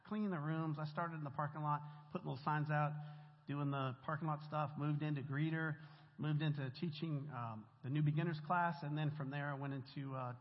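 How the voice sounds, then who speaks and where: A man telling a church congregation a story from his volunteer ministry in a casual, chatty way with slang. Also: mid-range voice. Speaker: church volunteer giving testimony. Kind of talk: testimony told to a church congregation. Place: church meeting room. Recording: echoey hall, dull lo-fi sound.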